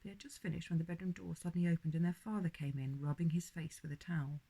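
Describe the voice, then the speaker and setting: A woman reading a bedtime story aloud with a lively, expressive manner. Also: on the low side, quick pace, breathy edge, low-quality recording.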